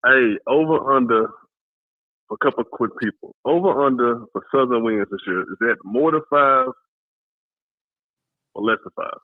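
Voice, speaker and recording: A man calling in to a sports talk show, talking quickly and casually. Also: mid-range voice, no echo. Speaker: caller. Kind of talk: call-in chat. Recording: dull call-in line.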